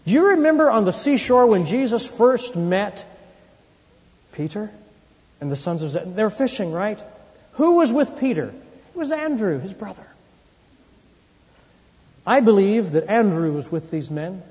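A man preaching a sermon in an animated, folksy storytelling way, acting out quotes, recorded with dull lo-fi sound and long hall reverb. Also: sits high, normal speed, long pauses.

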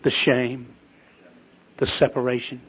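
A middle-aged man preaching a sermon in a folksy, emphatic way, swinging between loud and hushed delivery. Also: mid-range voice, completely flat delivery, takes it slowly, slightly rough. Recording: tinny lo-fi phone-like audio.

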